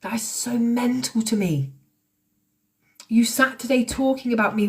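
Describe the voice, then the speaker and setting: A woman's voice: fairly high pitch, a little mellow. A woman in her late thirties, ranting on a livestream in a confrontational, sweary, sarcastic way. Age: late 30s. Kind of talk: heated livestream rant. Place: at home, recording on TikTok Live.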